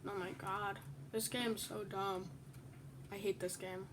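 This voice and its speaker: Young female gamer, unhurried speech with faint background hum, bursts into furious cursing. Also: mid-range voice, little pitch movement. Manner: cursing, screaming in rage at other players. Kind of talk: gaming commentary.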